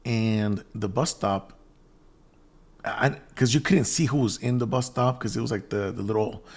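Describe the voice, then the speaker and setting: Low-voiced man rambling through a story. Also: moderate pace, a little mellow, breathy edge. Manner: rambling, self-quoting with restarts. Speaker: host. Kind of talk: casual storytelling.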